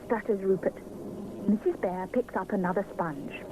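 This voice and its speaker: A woman narrating a children's storybook show in a gentle, expressive way. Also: medium pitch, moderate pace, narrow, tinny audio. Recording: hissy 1970s TV soundtrack.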